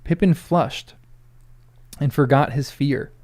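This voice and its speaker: A man's voice: on the high side, slow pace, darkish tone. A man reading a novel aloud for the first time, breaking off for laughing, self-deprecating asides. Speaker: first-time book reader.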